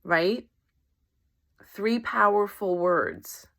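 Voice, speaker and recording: A woman's voice: fairly low pitch, lively intonation, slow pace, a bit bright. A woman life coach talking in a casual motivational monologue, conversational, often checking in with "right?" and acting out everyday exchanges. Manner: conversational, acts out quoted voices, keeps asking "right?".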